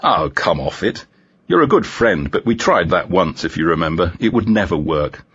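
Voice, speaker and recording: A man's voice: deep voice, sing-song, normal speed, a bit bright, slightly rough, muffled recording, full character voice. A man voicing a dry, ironic female police detective inspector in a storybook reading. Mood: teasing.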